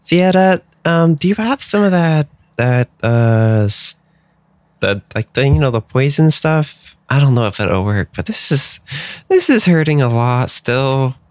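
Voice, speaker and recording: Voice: medium pitch, animated, measured pace, darkish tone, smooth, no room sound, voice pushed up, close to an everyday voice. A game master voicing a pained winged creature woman. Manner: strained, pleading. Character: four-legged winged woman creature in pain.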